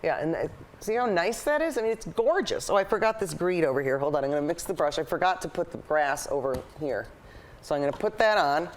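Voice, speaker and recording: A woman's voice: low voice, lively intonation, fast talker, slight background noise. A woman hosting a live painting lesson, chatting eagerly and thinking aloud as she paints. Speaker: painting show host and art teacher.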